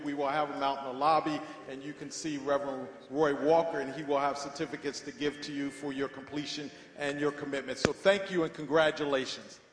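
A man with a slightly raised pitch thanks the choir and announces certificates in a measured, formal way. His voice carries through a roomy church hall with a long reverb.

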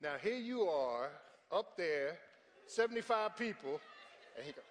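Man preaching, high voice, lively swings, sudden shouts, long church reverb. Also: measured pace. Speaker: pastor. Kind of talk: sermon. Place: large church sanctuary.

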